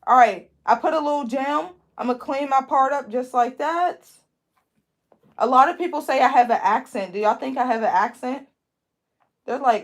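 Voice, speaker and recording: High-voiced chatty braiding teacher, woman. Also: normal speed. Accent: Pennsylvania. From Pennsylvania. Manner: chatty, talks to viewers as "y'all". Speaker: braiding instructor hosting a livestream. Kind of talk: live tutorial with chat reading.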